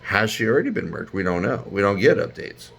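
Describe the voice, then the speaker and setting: A man with a fairly low voice rants heatedly and profanely about current events. He talks like a commentator, and his voice climbs toward shouting when he gets worked up. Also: very animated, fairly quick, vocal fry, breathy edge. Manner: angry profane rant, rising to shouts. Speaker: YouTube commentator. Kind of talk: ranting commentary.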